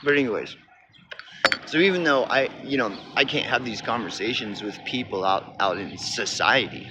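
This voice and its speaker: A man from Oklahoma with a mid-range voice and normal speed vlogs outdoors beside a road, with traffic passing behind him. His casual rant to camera is rambling, cynical and profane, and he often restarts.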